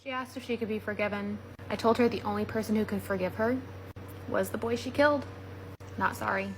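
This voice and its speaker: A woman's voice: medium pitch, fairly quick. A woman telling a story in a blunt, matter-of-fact way. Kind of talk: casual storytelling. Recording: faint background noise.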